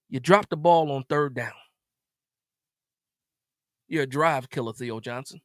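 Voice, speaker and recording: A man hosting a live stream, ranting in an exasperated way after a game, repeating himself and jumping suddenly louder. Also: mid-range voice, unhurried, long pauses, no room sound, studio quality. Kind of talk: animated post-game rant.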